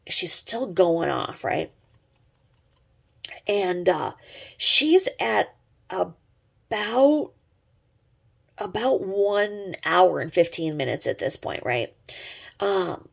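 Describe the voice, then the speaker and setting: A middle-aged woman vlogger tears into someone online with sarcastic, profane gossip commentary. Her voice is deeply gravelly with a husky, rough edge.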